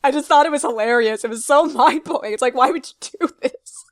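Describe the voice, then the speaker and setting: A woman co-hosting a podcast in casual chat, playful and quick to laugh. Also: sits high, no echo, clean studio sound. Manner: laughs a lot, playful teasing. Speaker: podcast co-host.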